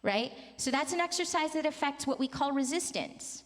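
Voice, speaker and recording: A woman in her thirties, working as a vocal coach, leads a singing workshop in a large conference hall, demonstrating vocal sounds and coaxing the group to join in. Her voice is high-pitched with lively intonation and a moderate pace. The recording carries a long hall reverb.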